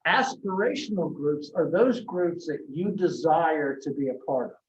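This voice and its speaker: A man's voice: on the high side, lively intonation, moderate pace. A middle-aged man gives a college lecture in a roomy, echoing classroom. He sounds set back from the microphone, and the recording is dull and muffled. His talk is loose and anecdotal, full of restarts. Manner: conversational, anecdotal, frequent restarts. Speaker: college marketing instructor. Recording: echoey classroom from a distant mic, dull sound.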